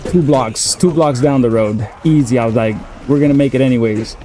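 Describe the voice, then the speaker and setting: A man's voice: medium pitch, fairly quick, mellow, a little hiss or hum. A man in his thirties telling a long story in a loose, casual way, full of fillers and swearing. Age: 30s. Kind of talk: casual storytelling while gaming.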